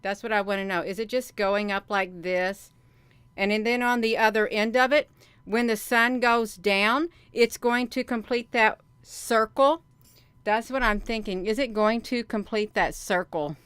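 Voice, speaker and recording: A woman talks straight to her viewers in a casual vlog. She sounds excited and a little out of breath, and she repeats herself often. Her smooth, clear voice sits at a middle pitch in a dry, close recording. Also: measured pace, no room sound. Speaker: video channel host.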